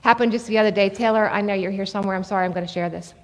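A woman in her forties preaching a sermon in a conversational, animated way to an audience in a large hall. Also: medium pitch, very fast. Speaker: speaker at a church. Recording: long reverb of a large hall.

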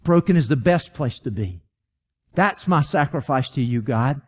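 A man preaching a sermon, earnest and emphatic, with quotes he acts out and stretches that drop quiet. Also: medium pitch, expressive, normal speed, husky. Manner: earnest, emphatic, voicing God and David in quotes, often trailing soft. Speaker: pastor. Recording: dull lo-fi sound.

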